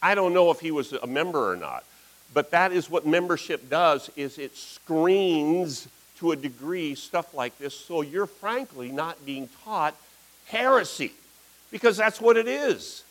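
Middle-aged guy preaching, animated, acts out quotes in his stories. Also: fairly high pitch, a little slow, low-quality recording. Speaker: pastor. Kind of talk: sermon.

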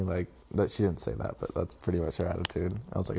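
Young man, very deep gravelly voice, loose rambling vlog storyteller with casual swearing. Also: fairly even intonation, fast talker, hardly any pauses, a little mellow, a little hiss or hum. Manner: rambling, profane, laughs often. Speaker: vlogger.

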